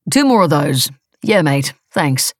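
A woman voicing a brash male talk show host with a New Zealand accent, talking loudly and eagerly. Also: a little high, very animated, measured pace, no echo, clean studio sound. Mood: hearty. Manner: loud, eager to please.

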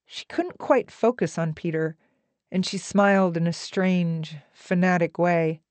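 A woman narrating a novel in a slow, measured, even reading voice. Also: fairly low pitch, no room sound. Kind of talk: audiobook narration.

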